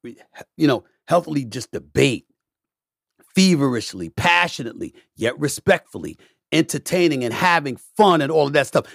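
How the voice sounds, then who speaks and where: This podcast host, a middle-aged man, speaks in a slightly husky voice and hammers his arguments through repetition and sharp emphasis. His impassioned monologue moves from loud to quiet yet stays preachy and forceful throughout. The audio is close and dry, without any echo or surrounding space.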